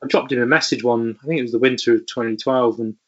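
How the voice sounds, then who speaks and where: A man's voice: medium pitch, fairly even intonation, fast, dull audio. A man, a podcast guest, telling stories in a rambling way with many fillers. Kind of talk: casual storytelling interview.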